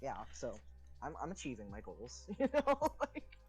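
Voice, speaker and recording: A man's voice: mid-range voice, wildly swooping pitch, normal speed, breathy edge, soft background music, rough recording. A trans man whose voice is dropping and cracking on testosterone, chatting casually and swearing on a live stream. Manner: rambling, swears a lot.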